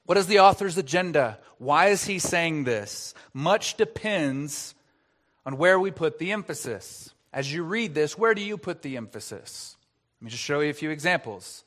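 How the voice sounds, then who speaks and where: A man's voice: fairly high pitch, animated, moderate pace, fairly bright tone. A man preaching an expository sermon as pastor, earnest, asking rhetorical questions and stressing key words.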